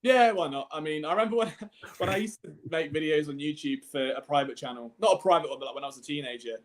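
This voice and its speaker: A young man from England hosts a casual livestream chat, talking fast in a voice on the high side. He's playful and prone to giggling.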